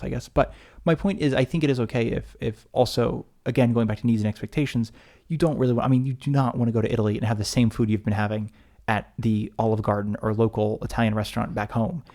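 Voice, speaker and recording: Podcast co-host, male, quick joking delivery, warm low tone. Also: gravelly. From United States. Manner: animated, joking, rambling with restarts. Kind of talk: casual chat.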